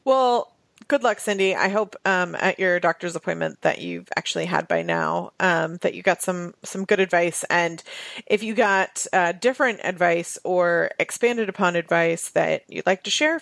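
A woman's voice: lowish voice, creaky, a bit bright, no echo. A woman co-hosting a health podcast, chatty and loose, full of "you know". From Massachusetts. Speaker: podcast co-host. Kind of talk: casual health podcast chat.

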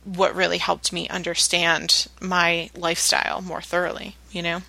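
A woman's voice: on the low side, level tone, normal speed, gravelly, bright, forceful tone, rough recording. A woman co-hosting a casual podcast, talking in a chatty way with lots of "like" and restarts. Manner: chatty, fillers like "like", stumbles and restarts. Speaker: podcast co-host.

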